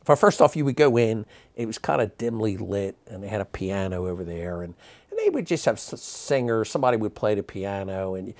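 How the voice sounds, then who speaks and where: A man in his sixties, a magic historian, telling stories in an interview, animated and rambling with many fillers and restarts. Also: lowish voice, brisk. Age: 60s. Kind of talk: interview storytelling.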